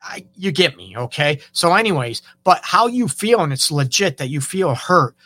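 A man in the counselor's seat, talking through relationship advice in a loose, chatty way and often checking in with "okay?". His voice is bright and a little raised in pitch, and it sits dry and close with no room echo. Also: very animated, normal speed. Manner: conversational, often checks in with "okay?" and "you know". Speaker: relationship counselor and show host. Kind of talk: casual advice talk.

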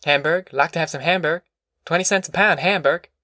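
A man voicing a tiny, bald store clerk who speaks slowly and slyly. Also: fairly high pitch, sharp tone, no room sound, clean studio sound. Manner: drawn-out, sly.

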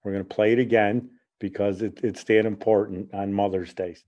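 Chatty guy in his 60s from around chicago, radio host telling stories, mellow voice. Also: lowish voice, normal speed, lo-fi sound. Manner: chatty, lively when amused. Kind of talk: casual storytelling.

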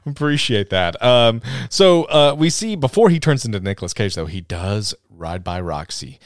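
A man co-hosting a casual podcast, recapping a film in a jokey, animated way. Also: lowish voice, moderate pace, no room sound, clean studio sound. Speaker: podcast co-host.

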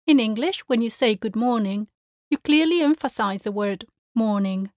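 A woman language teacher giving a pronunciation lesson, speaking clearly and carefully as she demonstrates sounds. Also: on the high side, measured pace, darkish tone, dry recording, clean studio sound.

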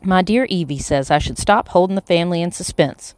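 A reader voicing a grand, theatrical elderly matriarch who speaks slowly and pompously. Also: medium pitch, clear, resonant tone, no echo, close to an everyday voice. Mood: stately.

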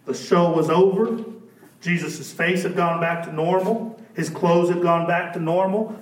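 Man, pastor, sermon, animated preaching, reverberant church. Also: high-pitched. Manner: animated preaching, swinging from loud to hushed. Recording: echoey church room.

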